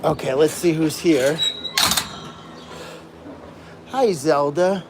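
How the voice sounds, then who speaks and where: A man's voice: fairly high pitch, measured pace, background noise. A man caring for animals at a sanctuary, chatting to a live stream while he works alone outdoors, calling and coaxing the pigs in a sing-song way. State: working alone, moving around outdoors. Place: outdoor pig pens.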